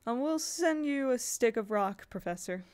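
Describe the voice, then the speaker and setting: A woman's voice: fairly high pitch, lively intonation, moderate pace, darkish tone, voice pushed up, natural voice. A woman voicing a cheerful, amiable woman in a storybook, teasing lightly.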